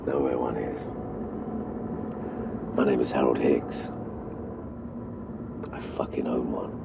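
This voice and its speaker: A gravelly, menacing village boss. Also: male voice, rumbling low, level tone, full character voice. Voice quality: gravelly, threatening. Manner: blunt, profane, slow and deliberate. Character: menacing older man, foul-mouthed village boss. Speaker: local boss who owns the village. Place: inside a car. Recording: distant voice over loud car noise.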